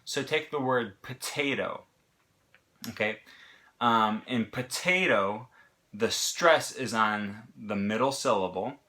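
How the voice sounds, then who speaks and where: A man's voice: fairly low pitch, slow pace, sharp tone. A man with an American accent explaining pronunciation in a casual lesson, talking in short bursts with fillers and restarts. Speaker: language teacher.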